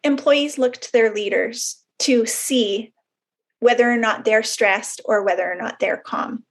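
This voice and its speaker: A woman's voice: on the high side, unhurried. A woman counsellor explaining a concept in a webinar, in an explanatory way with fillers and everyday examples. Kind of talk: webinar presentation.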